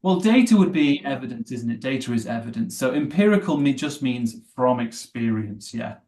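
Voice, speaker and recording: A man's voice: medium pitch, animated, normal speed, a little mellow. A man teaching an English vocabulary class, asking students questions and encouraging them. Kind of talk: live online class.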